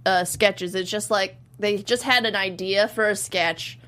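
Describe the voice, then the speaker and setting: A woman's voice: medium pitch, fairly even intonation, measured pace, fairly bright tone. A woman co-hosting a casual chat, easygoing and stopping short with fillers. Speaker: podcast co-host. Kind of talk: casual chat reviewing a comedy show.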